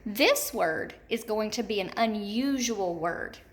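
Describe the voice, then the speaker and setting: A woman teacher giving a slow, deliberate phonics lesson to young children, repeating each word and checking in with "okay?". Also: medium pitch, expressive. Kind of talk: recorded remote phonics lesson.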